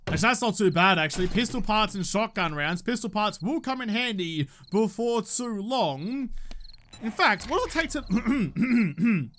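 A man's voice: sits high, pushed and bright, a little hiss or hum. Cheeky Australian man narrating gameplay. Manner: chatty, cheeky, talks to zombies and swears. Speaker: gaming video host. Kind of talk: casual let's-play commentary.

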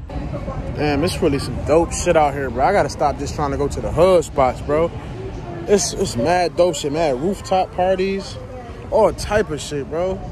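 Excitable young man vlogging over loud street traffic. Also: on the high side. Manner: profane, excitable street slang, talking to viewers. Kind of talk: casual vlog narration on the move. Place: outdoors on city streets, riding a scooter. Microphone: handheld phone while riding. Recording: outdoor phone recording with loud traffic noise. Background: city traffic and street noise.

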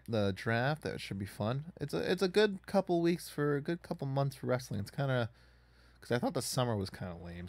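A man's voice: mid-range voice, a little mellow, dry recording. A man casually commenting on a wrestling video game as he plays, rambling and swearing in frustration at it. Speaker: gaming YouTuber.

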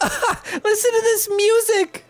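A woman giving casual gameplay commentary as a video game presenter, reacting aloud in an excitable way and laughing often. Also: extremely high pitch, takes it slowly, soft background music.

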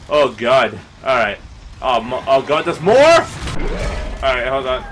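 A young Scottish man commentating his gameplay live, excitable and sweary, often bursting into yelling. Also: mid-range voice, measured pace, pauses often. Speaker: gaming YouTuber. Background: game music.

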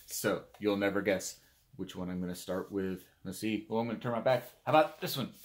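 A man's voice: lowish voice, brisk. A man teaching a children's music lesson in a playful way, speaking straight to the kids and imitating animal sounds.

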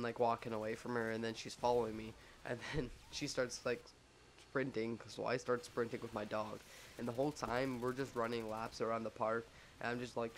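A guy tells a story in a loose, rambling way, full of "like" and "um," and he jokes at his own expense. His voice sits at a middling pitch and stays flat and level, and a faint hiss of noise runs under it. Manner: rambling, filler-heavy, lots of "like"; joking, self-mocking. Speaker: vlogger telling a story. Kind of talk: casual storytime over gameplay.

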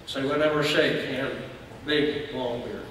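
A church elder preaching a sermon, telling a story and acting out shouted lines. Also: male voice, medium pitch, fairly even intonation, moderate pace, slight background noise. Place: church sanctuary. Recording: echoey hall from far off.

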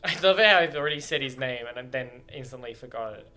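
A young man giving casual, excitable, rambling reaction commentary on video game cinematics, laughing often. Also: medium pitch, a little fast, hardly any pauses, faint music behind.

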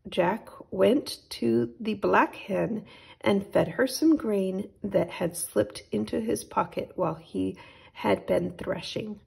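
A woman reads a children's picture book aloud at a slow, gentle pace. Her voice has a strong gravelly fry and a husky, breathy grain. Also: mid-range voice. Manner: gentle, unhurried storytelling. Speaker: storytime host.

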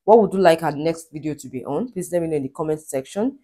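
A woman's voice: deep voice, animated, quick pace, warm tone. A woman hosting a screen-recorded tutorial, guiding viewers step by step with eager enthusiasm. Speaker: tutorial host. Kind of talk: screen-recorded software walkthrough.

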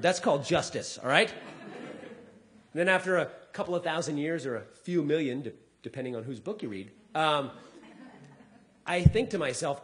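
A man's voice: medium pitch, brisk. A man doing a stand-up comedy set, telling a story with energy and slipping into voices for the people in it. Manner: animated storytelling, acting out voices. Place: lecture hall with a live audience.

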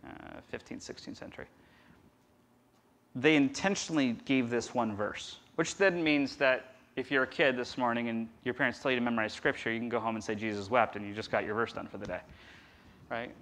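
Male pastor, mid-pitched, conversational sermon delivery, wide loud-to-quiet swings. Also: a little fast. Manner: conversational, swings from loud emphasis to near-whisper. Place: church.

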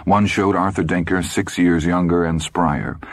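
A man reading an audiobook aloud with dramatic, expressive storytelling. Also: low-pitched, unhurried, no echo. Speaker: audiobook narrator. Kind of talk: scripted audiobook narration.

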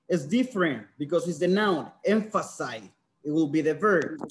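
A man's voice: sits high, lively intonation, normal speed. A man teaching a class online, switching between languages and correcting his students' pronunciation. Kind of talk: bilingual class lecture.

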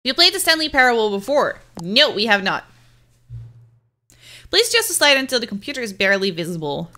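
A woman's voice: a little high, sing-song, a little fast, sharp tone. A young woman, sick with covid and a bit congested, chatting casually to her stream audience and laughing often. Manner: chatty, giggly, reads chat aloud. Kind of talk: casual live-stream chat.

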